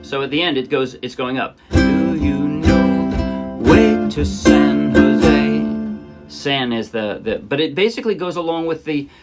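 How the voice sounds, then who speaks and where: A man teaching a ukulele song step by step in a relaxed, thinking-aloud way, with fillers and small self-corrections. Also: medium pitch. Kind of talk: casual step-by-step music lesson. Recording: ukulele playing under the voice.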